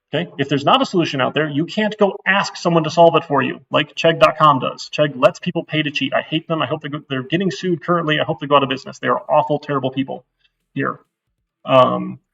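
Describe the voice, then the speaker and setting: A man's voice: a little high, creaky, a bit bright, far from the mic, highs cut off. A middle-aged man giving a casual, blunt course intro lecture to a class, getting worked up as he talks. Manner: blunt, chatty, gets worked up. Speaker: university instructor.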